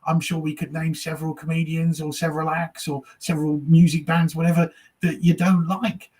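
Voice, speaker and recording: A slightly rough, somewhat mellow male voice on the high side, delivered flatly at a brisk clip. He's a comedian guest swapping stories casually, swearing liberally and mimicking what audience members and others said.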